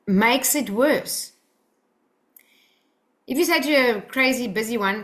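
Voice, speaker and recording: A woman's voice: on the high side, normal speed, fairly bright tone. Earnest Australian woman teaching a group. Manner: earnest, personal, coaching. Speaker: workshop teacher. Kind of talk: talk to a workshop group.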